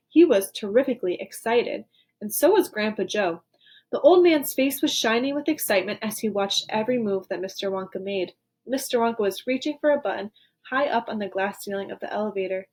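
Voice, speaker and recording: A woman reads a children's book aloud with an expressive, lively delivery. Her voice sits a bit high. She stops now and then to wonder about the story. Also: breathy edge. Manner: expressive, pauses to ask questions. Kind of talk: reading aloud a children's novel.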